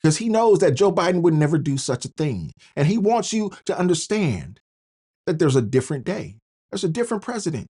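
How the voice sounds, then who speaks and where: A man's voice: a little high, very animated, fairly quick, mellow, slightly rough. A man hosting a commentary video, folksy and sarcastic, chuckling and talking to his viewers as "y'all". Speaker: commentary channel host. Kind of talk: political commentary vlog.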